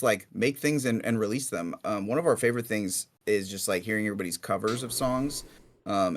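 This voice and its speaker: Rambling man answering fan questions. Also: medium pitch. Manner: relaxed, rambling, many fillers and restarts. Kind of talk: casual chat.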